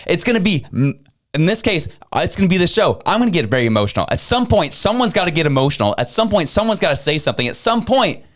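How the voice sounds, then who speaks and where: Fired-up fast-talking man. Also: fairly high pitch. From Canada. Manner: rapid, indignant, repeating rhetorical questions. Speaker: podcast co-host. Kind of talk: heated political commentary.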